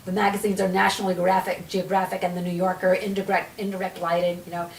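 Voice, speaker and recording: Guesting on a podcast, an author and energy healer spins a lively story, performing the lines of dialogue she quotes. She talks fast in a fairly low voice with vocal fry. The recording has slight background noise, an echoey room and some distance from the microphone.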